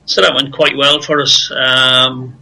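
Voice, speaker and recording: Bright-voiced man on a video call. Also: mid-range voice, flat delivery, unhurried, gravelly, poor audio. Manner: easygoing, laughs while explaining. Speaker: guest. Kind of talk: casual interview chat. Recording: faint background noise.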